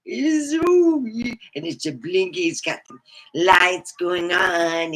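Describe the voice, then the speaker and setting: Slow-talking, bright-voiced woman livestreamer. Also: rough recording. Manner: rambling and animated, with sudden high whoops. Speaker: livestreamer and comedy chat host. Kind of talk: casual rambling livestream chat.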